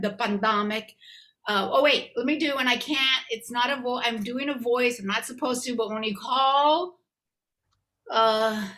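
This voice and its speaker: Woman comic, bright voice, rambling self-deprecating stand-up, video call from home. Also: on the high side. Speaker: comedian. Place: her apartment.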